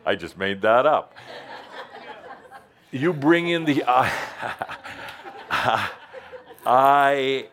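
A man's voice: medium pitch, big pitch swings, slow, long pauses, a bit bright. A man giving a playful, mildly provocative spiritual talk to a live audience in an indoor venue. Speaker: spiritual teacher.

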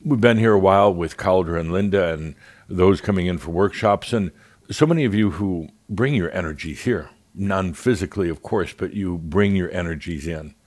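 A man's voice: sits low, moderate pace. A man speaking as a channeled spirit teacher, wry and theatrical, mimicking his callers with a chuckle.

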